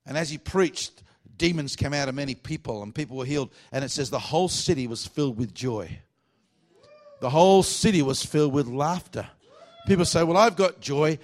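A man with an Australian accent preaching a revival sermon to a congregation, jokey and exuberant, swinging from hushed asides to shouts. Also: mid-range voice. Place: church hall before a congregation.

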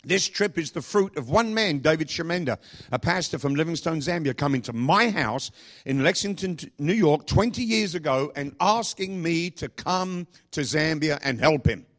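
Animated man preaching a sermon. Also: on the high side, normal speed. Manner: animated preaching with repeated questions. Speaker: pastor.

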